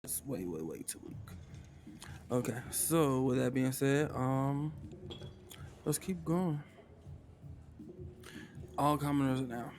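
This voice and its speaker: A man's voice: mid-range voice, takes it slowly, vocal fry, long pauses, darkish tone, slight background noise. Casual man running a tabletop game. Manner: casual, sighing, muttering to himself. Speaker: game master. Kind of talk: solo tabletop game narration.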